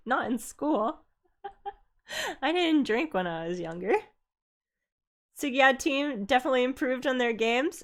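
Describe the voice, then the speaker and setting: A woman VTuber giving excitable, casual commentary while playing a game. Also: high voice, slow, long pauses. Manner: excitable, laughing exclamations. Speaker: VTuber streamer.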